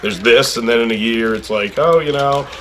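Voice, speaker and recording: A man's voice: medium pitch, moderate pace, fairly bright tone, slight background noise, natural voice. An actor playing a teasing young man who mocks his friend in a film comedy scene. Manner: mocking, teasing. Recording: film clip with background ambience.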